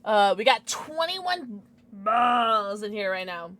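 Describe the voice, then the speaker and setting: A young woman streaming a game to her chat, giggling a lot and shrieking with excitement. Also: mid-range voice, slow. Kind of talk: livestream game commentary.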